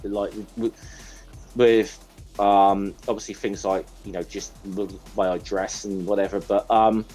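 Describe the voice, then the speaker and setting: A man's voice: lowish voice, level tone, measured pace, a little mellow, soft background music. A man in casual group chat on a call, rambling and hesitant, swearing now and then. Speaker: podcast guest.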